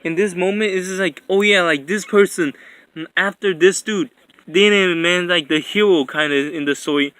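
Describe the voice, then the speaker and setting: Young male vlogger, high voice, dry close recording, rambling exasperated profane rant. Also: normal speed, a bit bright, smooth, no echo. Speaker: anime commentator. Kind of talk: ranting commentary.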